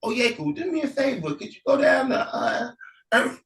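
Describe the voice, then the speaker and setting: A man voicing a proud elder brother deity in a spoken folk tale, calling out loudly in a high strained voice. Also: normal speed, creaky, echoey room, heavily acted. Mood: commanding.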